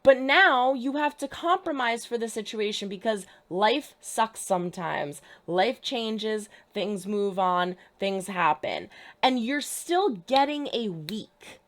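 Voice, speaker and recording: Young female reaction host, emphatic and exasperated, bright lively pitch that swoops up and down. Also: slow pace. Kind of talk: casual TV reaction commentary.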